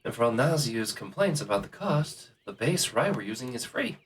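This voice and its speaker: Man, game streamer, mid-pitched voice, chatty, reads dialogue aloud. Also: very animated, normal speed, slight background noise. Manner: chatty, reads character lines in his own voice.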